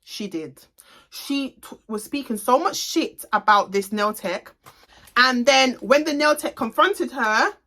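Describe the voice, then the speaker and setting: A woman's voice: on the high side, bright, forceful tone. A young adult woman, a salon owner, telling a storytime to her viewers in a blunt, gossipy way, swearing freely and talking straight to the audience. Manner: addresses viewers directly. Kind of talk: casual storytime vlog.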